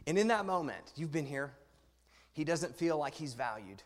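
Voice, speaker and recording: A man preaching to a youth congregation in a lively, conversational way, asking the listeners questions and reading a story aloud. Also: on the high side, moderate pace. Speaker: pastor speaking to a youth congregation. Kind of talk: sermon with a read-aloud story. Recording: long reverb in a church hall.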